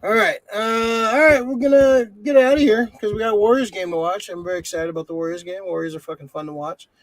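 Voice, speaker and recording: A man with a fairly high voice chats casually as a podcast co-host. He swears freely and fills gaps with "uh". The sound is dry, with no room around it. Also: fairly even intonation, fast, dry recording, low-quality recording. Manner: loose and profane, many fillers. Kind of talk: casual chat.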